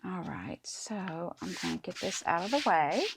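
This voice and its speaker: Woman, middle-aged, slightly low voice, chatty crafting host, talks to viewers while working. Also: animated, measured pace, vocal fry, noisy background. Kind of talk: casual crafting tutorial. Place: home craft desk.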